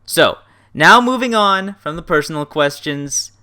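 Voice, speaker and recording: A man hosting a casual interview, jokey and excitable, laughing often. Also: a little high, a little slow. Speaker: interview host.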